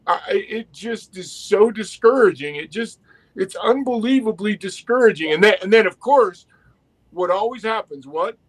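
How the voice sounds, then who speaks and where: High-voiced man ranting emphatically. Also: a bit bright, low-quality recording. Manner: emphatic, restarts phrases, swears. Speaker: podcast co-host. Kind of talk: casual podcast chat.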